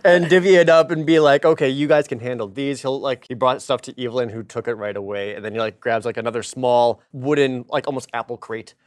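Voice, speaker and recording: A man's voice: mid-range voice, fairly quick, few pauses, no room sound, clean studio sound. A man playing a tabletop game, describing his character's actions in a rambling, hesitant way. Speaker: player. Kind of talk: casual tabletop game chat.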